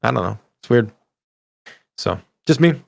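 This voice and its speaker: A middle-aged man co-hosting a casual gaming podcast, ranting in an animated way and swearing freely. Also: medium pitch, measured pace, vocal fry, dry recording. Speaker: podcast co-host.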